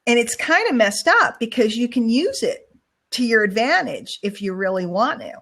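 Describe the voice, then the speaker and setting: A woman hosts a casual web show over a video call, talking at length in a chatty, storytelling way. Her voice sits a little on the high side, and she drifts easily from one tangent to the next. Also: big pitch swings, fairly bright tone. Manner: chatty, rambling, quick storyteller. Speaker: show host. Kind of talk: casual online show chat.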